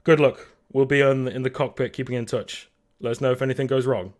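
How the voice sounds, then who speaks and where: A man voicing a brisk male starship captain who gives curt, cautioning orders to his crew in a tabletop game. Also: mid-range voice, steady tone, darkish tone, close to an everyday voice. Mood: reassuring.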